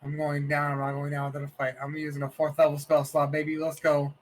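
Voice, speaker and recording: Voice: mid-range voice, monotone, fast talker, low-quality recording. A player in a casual tabletop game who gets hyped for attack rolls and talks to the dice. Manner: hyped, trash-talking the dice.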